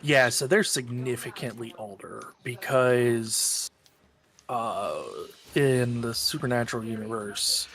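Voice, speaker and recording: A man's voice: mid-range voice, slow pace, a bit bright. A man co-hosting a gaming podcast, chatting casually and teasing his friend while they play. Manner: laughing, teasing, bantering. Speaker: podcast co-host playing a video game.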